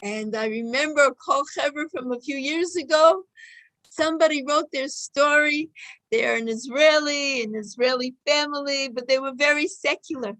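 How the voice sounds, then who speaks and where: A woman's voice: high-pitched, normal speed, fairly bright tone, dry recording, low-quality recording. A woman giving an informal, emotive Torah class, telling personal stories and sprinkling in Hebrew and Yiddish terms. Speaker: Torah teacher.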